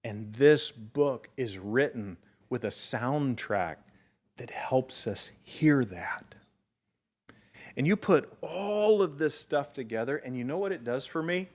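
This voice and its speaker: A man's voice: medium pitch, animated, a little slow, hardly any pauses, a little mellow. A middle-aged man preaching a sermon in a church as pastor, earnest and storytelling, rising in emphasis at key points. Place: church sanctuary.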